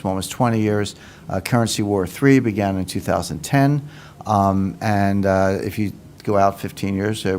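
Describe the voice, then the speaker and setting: A man's voice: on the low side, a little mellow, a little hiss or hum. Confident man explaining economics. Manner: confident, emphatic, uses analogies and repeats points. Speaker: economics commentator. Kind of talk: explanatory talk.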